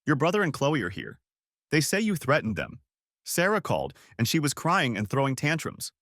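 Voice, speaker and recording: A man acts out an alarmed father scolding his son and demanding answers, heavily performed in a voice pitched above his own. It's fairly high and bright, with huge pitch swings at a normal speed, recorded dry and clean in a studio.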